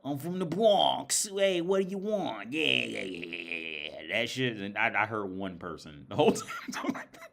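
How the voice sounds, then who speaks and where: An American man talks in a loose, rambling livestream chat, full of swearing and laughs. His voice sits on the lower side. The delivery is casual and unscripted. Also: a bit bright. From United States. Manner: rambling, profane, laughs often. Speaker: livestream host.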